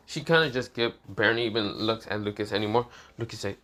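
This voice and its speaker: Halting man telling a fan story. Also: mid-range voice. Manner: halting, full of fillers and self-corrections. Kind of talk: improvised fan-fiction narration.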